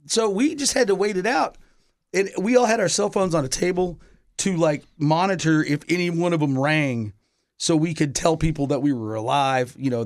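A middle-aged touring musician tells a long, rambling story in casual chat, full of fillers and restarts. His voice sits a little high, and the recording is studio quality with no room sound.

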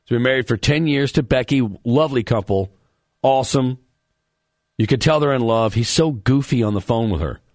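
A man hosting a sports talk radio show, chatty and animated, joking about his co-host while giving his takes on the news. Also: medium pitch, moderate pace, dry recording, studio quality.

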